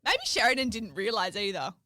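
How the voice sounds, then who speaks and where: A young woman, co-hosting a podcast in casual chat, teasing her friend with quick interjections. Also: medium pitch, animated, sharp tone, dry recording, clean studio sound. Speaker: podcast co-host.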